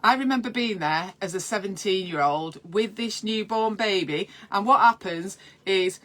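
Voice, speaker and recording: A midwife with a bright, forward voice talks casually to her viewers. She sounds chatty and encouraging, as if she is chatting with new parents. Her pitch sits in an ordinary middle range. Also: normal speed. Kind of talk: casual live-stream advice.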